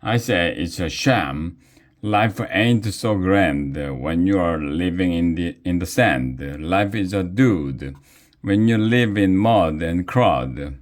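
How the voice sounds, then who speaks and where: A man's voice: low-pitched, animated, takes it slowly. A man voicing a brash male rapper in a mouse costume who raps clumsy rhymes in a children's story. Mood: rapping boastfully. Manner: rhythmic, rapping.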